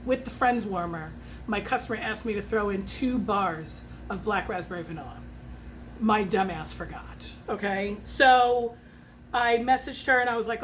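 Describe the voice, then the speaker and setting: A woman in her fifties chatting casually at home as a fragrance consultant, swearing freely and working out prices out loud. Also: on the high side, moderate pace, slight background noise. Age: 50s. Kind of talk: casual chat.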